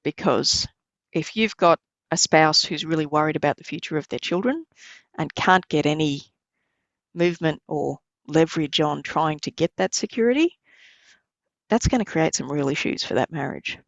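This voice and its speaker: A middle-aged woman lawyer explains matters in a measured, advice-giving way, her voice carrying a gravelly fry. The sound is close and dry, with no room around it. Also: sits low, expressive, dry recording, dull audio. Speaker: lawyer guest. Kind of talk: podcast interview.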